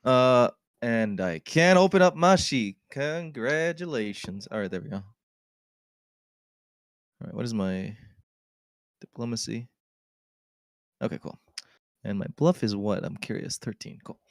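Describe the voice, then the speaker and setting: A man's voice: medium pitch, animated, measured pace, pauses often, no echo, clean studio sound. A man playing a tabletop game, casually muttering to himself as he checks his character sheet. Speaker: player.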